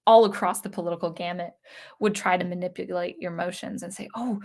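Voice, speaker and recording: A woman's voice: on the low side, little pitch movement, fast, creaky, a little mellow. A woman hosting a casual livestream, talking in a rambling, earnest way, repeating words as she goes and sounding indignant at times. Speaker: channel host. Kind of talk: casual livestream chat reading viewer comments.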